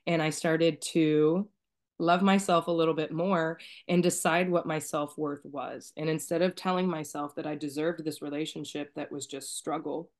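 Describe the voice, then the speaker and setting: A woman guest sharing a personal story in a soft-spoken, emotional way, sometimes near tears and trailing off quietly. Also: low voice. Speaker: podcast guest.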